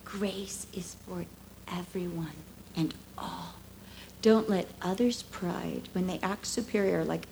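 A middle-aged woman preaching a sermon, expressive, acting out voices and dropping to hushed asides. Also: fairly low pitch, measured pace, creaky, a little hiss or hum. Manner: expressive, acts out dialogue, drops to hushed asides.

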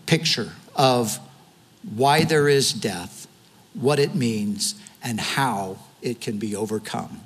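A man's voice: medium pitch, breathy edge, in a large hall. A man preaching a sermon, earnestly retelling scripture with quoted dialogue. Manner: closing in prayer. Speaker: pastor.

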